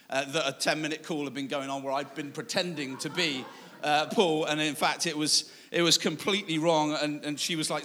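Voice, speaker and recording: Bright, high-voiced male preacher. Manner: self-deprecating storytelling, animated, laughing at himself. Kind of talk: sermon with personal story. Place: church.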